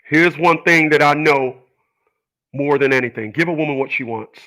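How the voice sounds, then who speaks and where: A middle-aged man delivers an emphatic personal monologue to his audience. His voice is bright and forceful, sitting a little higher than most men's. He presses his points with earnest, preachy conviction. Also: moderate pace, rough recording. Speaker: channel host.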